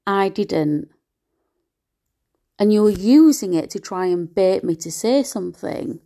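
A woman in a blunt, profane, scornful rant to camera, her pitch leaping as she gets worked up. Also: unhurried. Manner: animated, with sudden pitch jumps. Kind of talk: ranting monologue to camera.

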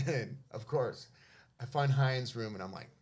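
A middle-aged man, a podcast guest, telling profane, animated stories and laughing often. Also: medium pitch, a little slow, very noisy. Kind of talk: casual anecdote telling.

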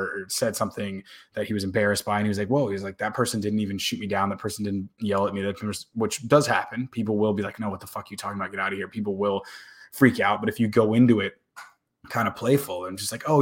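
A young man vlogging to camera in a casual, rambling way, often repeating words and swearing now and then. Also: fairly low pitch.

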